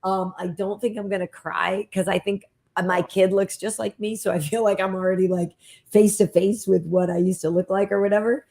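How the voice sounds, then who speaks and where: A woman's voice: mid-range voice, brisk, creaky. Chatty woman hosting a podcast. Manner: chatty, animated, full of "like" and mock-quoting voices. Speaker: podcast host. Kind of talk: casual podcast chat.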